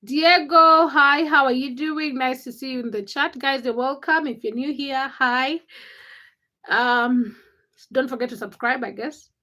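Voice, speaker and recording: Ugandan woman, young adult, high voice, live-chat host greeting viewers, playful and self-mocking. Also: fairly even intonation, unhurried, sharp tone. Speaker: livestream host. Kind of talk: casual livestream chat.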